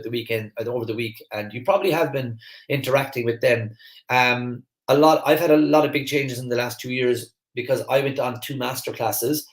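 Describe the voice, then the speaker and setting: An energetic Irish man with a Kerry accent, hosting a live stream and talking quickly with plenty of restarts. His voice sits at an ordinary middle pitch. The room around him gives the sound a noticeable echo. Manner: fast, energetic, chatty, many fillers and restarts. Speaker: host of a live online masterclass. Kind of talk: live-stream talk to viewers, reading the chat.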